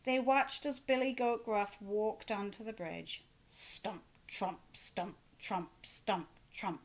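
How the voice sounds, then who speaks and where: A woman reads a children's picture book aloud at a slow, careful pace. Her voice sits in a middle pitch, and she pauses for asides to her young listeners. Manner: slow, expressive read-aloud with asides to kids. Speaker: children's story reader.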